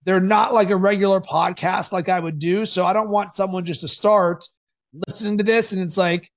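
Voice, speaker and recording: A man hosting a podcast, coaching in an energetic, emphatic way. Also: sits high, normal speed, muffled recording.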